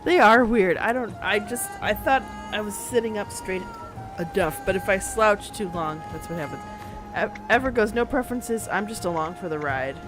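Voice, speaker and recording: Bubbly female streamer, hiccuping, lively voice, music underneath. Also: medium pitch, moderate pace. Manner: excitable, bubbly. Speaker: podcast co-host. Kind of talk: casual live-stream chat. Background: game music.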